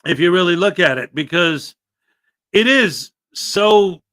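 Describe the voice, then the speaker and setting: A man hosting a live-stream reaction chat, excitable and goofy, laughing and shouting playfully. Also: high-pitched, takes it slowly, dry recording, studio quality. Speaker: host.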